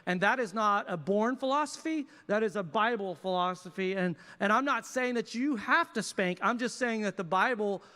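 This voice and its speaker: A man pastor preaching a sermon in a lively, conversational way with casual asides. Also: high-pitched, moderate pace, hardly any pauses. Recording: reverberant church hall.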